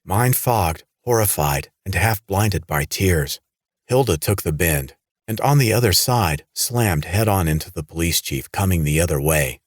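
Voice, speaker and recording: A man with a very low, husky voice reads a horror audiobook. His delivery moves up and down in pitch with dramatic flair. The recording is close and dry. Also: a little slow, no room sound. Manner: dramatic, lively storytelling. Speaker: audiobook narrator. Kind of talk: scripted horror narration.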